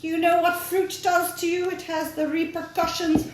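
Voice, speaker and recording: A high-voiced Irish woman chats through a home-baking demo, teasing and breaking into sing-song asides. Her voice echoes around a hard-walled kitchen, with a faint hiss behind it. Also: little pitch movement, normal speed, distant mic. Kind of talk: chatty cooking demonstration. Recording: echoey room.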